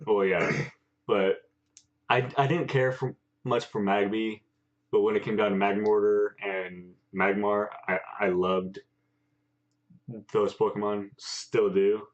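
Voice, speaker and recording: A man co-hosting a casual chat, speaking haltingly with many pauses. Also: fairly low pitch, flat delivery. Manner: halting, many fillers and restarts. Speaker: co-host. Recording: dull lo-fi sound.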